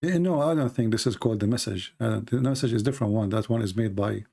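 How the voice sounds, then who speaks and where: A man's voice: medium pitch, fast talker, creaky, dark tone. A man from the Middle East whose first language is Arabic, giving mocking, sarcastic commentary over a video he is playing. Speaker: religious commentator.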